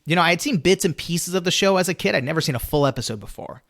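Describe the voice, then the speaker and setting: A man telling a story as a podcast guest, animated and full of "you know" fillers. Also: fairly high pitch, very fast.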